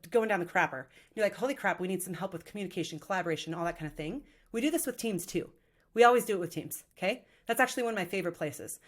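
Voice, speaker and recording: Emphatic woman coach, motivational podcast. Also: mid-range voice. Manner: energetic, emphatic, casual with mild swearing. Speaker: podcast host and leadership coach.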